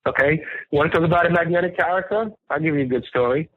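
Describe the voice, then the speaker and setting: A New man with a husky, slightly breathy voice tells stories as an interview guest, earnest and animated. He comes through a tinny, phone-like line with a dry, close sound. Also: fairly high pitch, quick pace, no room sound. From New York, the Bronx. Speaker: restaurant owner, guest. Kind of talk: casual interview storytelling.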